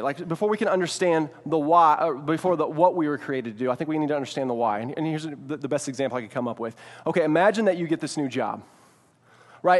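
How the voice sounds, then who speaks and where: A man's voice: a little high, big-room sound. A man preaching a sermon in a conversational way, often checking in with "right?" as he tells a made-up story. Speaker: pastor.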